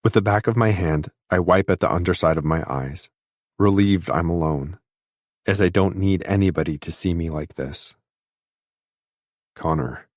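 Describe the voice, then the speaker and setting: A man narrating a first-person audiobook in a steady, intimate reading on a close studio mic. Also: low voice, normal speed, dry recording.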